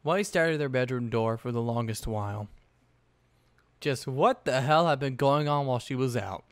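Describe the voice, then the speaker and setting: A man's voice: mid-range voice, moderate pace, clear, resonant tone, no echo. Young guy reading fanfic, drops swears in asides, dry close mic. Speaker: fanfiction narrator. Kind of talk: casual story narration.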